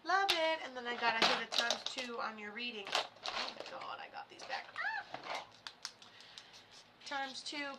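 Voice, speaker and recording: A woman giving live psychic readings on a stream, chatty and excitable, full of fillers and sudden loud bursts. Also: on the high side, noisy background.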